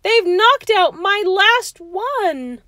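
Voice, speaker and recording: Woman voicing a panicky storybook man, melodramatic, high and very lively. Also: a little slow, dry recording, clean studio sound. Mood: wailing. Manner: dramatic, gasping and wailing. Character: anxious fretful man losing his teeth.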